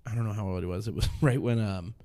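A man's voice: on the low side, fast talker, mellow. A young adult man, a stand-up comedian, talking casually in a podcast chat, rambling and restarting his sentences, swearing now and then.

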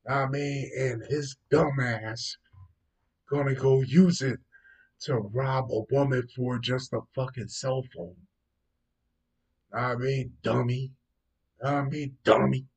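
A man's voice: medium pitch, steady tone, unhurried, gravelly, long pauses. A man hosting a casual show, reacting to news stories with dismissive, profane rambling full of fillers. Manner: dismissive, heavy swearing, rambling fillers like "yo" and "know what I mean". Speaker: host commenting on news stories. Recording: voice distant from the mic.

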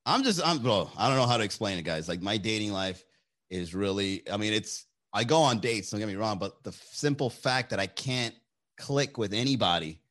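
A man's voice: fairly low pitch, brisk. A man hosting casual chat with his viewers, giving blunt, profane, opinionated dating advice. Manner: animated, shifts voice for quotes.

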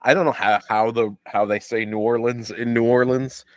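A man's voice: mid-range voice, steady tone, moderate pace, no room sound. A man from the United States co-hosting a podcast in casual chat, with wry, sarcastic asides. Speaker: podcast co-host.

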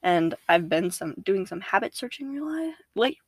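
A young woman, a podcast guest, talking casually about faith, animated, laughing often and acting out her own inner voices. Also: medium pitch, normal speed, husky, no echo.

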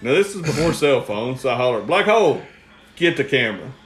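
A man's voice: medium pitch, expressive, quick pace, fairly bright tone, slight background noise. A man telling rambling, profane stories with lots of laughter on a casual podcast. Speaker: guest storyteller. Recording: roomy echo.

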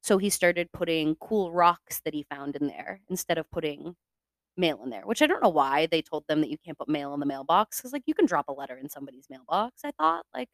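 A woman's voice: sits low, lively intonation, fairly quick, no room sound. A young woman hosting a casual podcast, chatty and swearing freely, with lots of fillers. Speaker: podcast host. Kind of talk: casual true-crime podcast chat.

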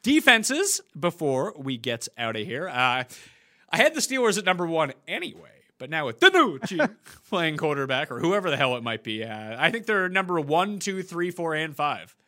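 Animated, bright-voiced young man. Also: a little high, moderate pace. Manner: animated, joking, swears casually. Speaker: podcast co-host. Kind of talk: fantasy football chat.

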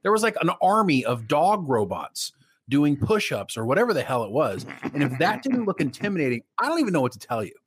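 A man's voice: on the high side, a little fast, a little hiss or hum. A man co-hosting a live show, talking casually with lots of "like" and a curse here and there. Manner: relaxed, swears casually, fills with "like". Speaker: co-host. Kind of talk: casual chat.

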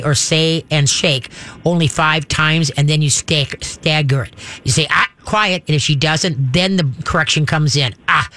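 Folksy, fairly high-voiced male dog trainer. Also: fairly bright tone. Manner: folksy, chatty advice with frequent verbal restarts; drops into low, firm commands when demonstrating. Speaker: radio call-in host and dog trainer. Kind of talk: call-in advice show.

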